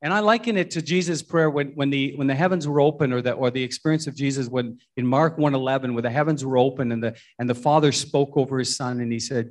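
A man's voice: mid-range voice, fast, few pauses. A middle-aged man preaching a sermon as pastor, folksy and storytelling, often repeating words and restarting his sentences.

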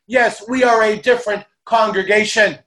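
A man with a high voice preaches a fervent sermon to his congregation. He punctuates his points with repeated calls of praise and slips in joking asides. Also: fairly even intonation, normal speed, fairly bright tone. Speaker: pastor.

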